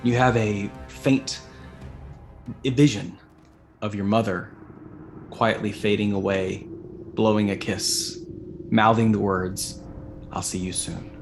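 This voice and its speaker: Male dungeon master, lowish voice, steady scene narration, light music under. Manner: measured storytelling, voices the characters briefly. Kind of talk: narrating a tabletop game.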